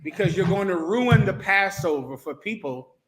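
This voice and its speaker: A man's voice: high-pitched, lively intonation, normal speed. A male preacher giving a stern, scolding sermon full of blunt, crude threats.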